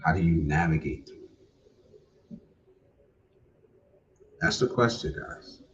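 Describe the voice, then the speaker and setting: Low-voiced, slow-talking male streamer. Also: lively intonation, a little hiss or hum. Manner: laid-back, repeats phrases, says "man" often. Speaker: livestream host. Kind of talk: casual livestream talk. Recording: distant, dull lo-fi sound.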